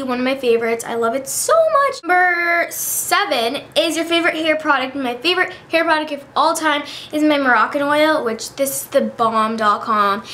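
A woman's voice: high voice, a bit bright, a little hiss or hum. A teenage girl chatting in a bubbly way about her favorite beauty products, full of fillers. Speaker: beauty vlogger. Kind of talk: casual chat.

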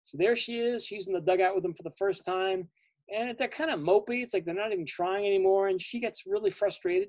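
A man, a children's author, telling his story to families at a library, lively and explaining terms simply. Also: high-pitched, a little fast, no echo. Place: library event.

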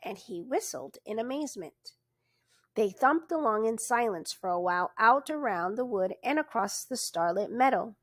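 Woman narrator reading a novel aloud, unhurried and expressive, lively pitch, dry close sound. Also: dry recording. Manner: slow, expressive storytelling. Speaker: storybook reader.

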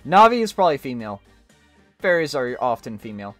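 An excitable young man hosts a live game stream, chatting with friends and his audience. His voice swoops up and down as he laughs and yells at chat. Faint game music plays underneath. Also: mid-range voice, quick pace.

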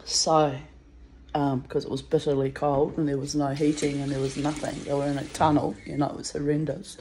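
A woman with a lowish voice tells a long, rambling story to camera. Her delivery is casual and wry, and she slips into laughter partway through sentences. It sounds like an unscripted vlog monologue. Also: flat delivery, a little fast, dark tone, a little hiss or hum. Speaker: vlogger.

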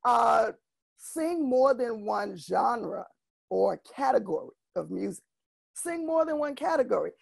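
A middle-aged woman, a vocal music educator, giving a workshop talk and telling anecdotes in an animated way, acting out the voices of students and parents. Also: a little high, takes it slowly, gravelly, husky, no echo.

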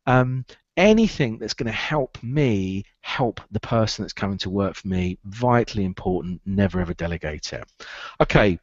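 A man's voice: fairly low pitch, expressive, normal speed, no echo, highs cut off. A man giving a recruitment training talk, emphatic and repetitive, driving points home.

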